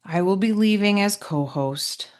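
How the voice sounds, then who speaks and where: A woman's voice: mid-range voice, measured pace, darkish tone, dry recording, clean studio sound. A woman with a New York accent, co-hosting a podcast in casual chat, laughing often. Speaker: podcast co-host.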